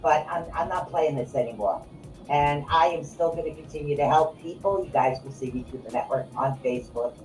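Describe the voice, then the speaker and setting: A woman's voice: deep voice, fairly quick, a little mellow. Furious swearing woman host, echoey room. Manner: heated, swearing, repeats herself. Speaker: podcast host. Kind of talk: angry off-the-cuff rant. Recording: echoey room, voice from far off, faint music.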